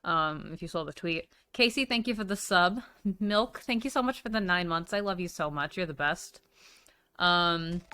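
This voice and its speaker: A woman livestreamer chats casually with her viewers, swearing freely and gushing thanks whenever donations come in. Her voice is lowish and a bit bright, with a clean tone.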